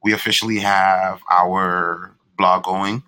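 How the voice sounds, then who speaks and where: Laid-back young man, low bright voice. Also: level tone, slow pace, poor audio. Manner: laid-back, blunt, swears freely. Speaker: podcast co-host. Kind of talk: casual couple's podcast chat.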